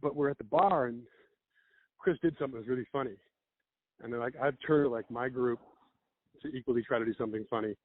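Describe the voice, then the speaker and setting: A man's voice: mid-range voice, quick pace, long pauses. A man, a comedian guest, telling rambling stories in a casual chat with laughs and acted-out quotes. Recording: phone-like narrow band.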